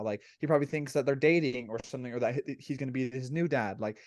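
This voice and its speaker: A man's voice: medium pitch, quick pace, a little mellow, no room sound. A man in a casual chat giving blunt, emphatic opinions.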